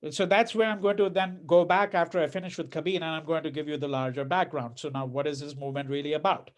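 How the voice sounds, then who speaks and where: A man's voice: on the high side, fairly even intonation, fast. A man lecturing a class in a conversational way, often asking "right?" and acting out quoted lines in a mocking tone. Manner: conversational, checks in with "right?", repeats words; reads quoted verses in a mocking voice. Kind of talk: university lecture.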